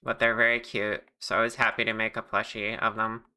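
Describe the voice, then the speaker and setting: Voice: mid-range voice, level tone, brisk, bright, forceful tone. A livestreamer making plushies who chats casually with viewers and thinks aloud at a home streaming mic. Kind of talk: casual livestream chat while crafting.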